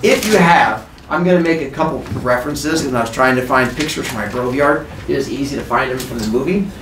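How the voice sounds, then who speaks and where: A man's voice: mid-range voice, brisk, background noise. A man teaching a class, retelling a myth in a playful, jokey storytelling way. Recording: echoey classroom.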